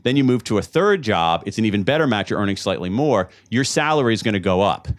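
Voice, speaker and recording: Low-voiced man answering audience questions. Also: fast talker. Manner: lively, jokey, restarts and repeats words. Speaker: author speaking to an audience. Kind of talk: live audience Q&A talk. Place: event room with a live audience.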